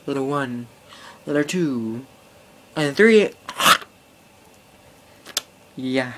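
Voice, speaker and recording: A man's voice: mid-range voice, animated, takes it slowly, pauses often, a little hiss or hum. A teenage boy rambling casually to an iPod camera, full of fillers and swearing. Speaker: vlogger. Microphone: phone or iPod held close.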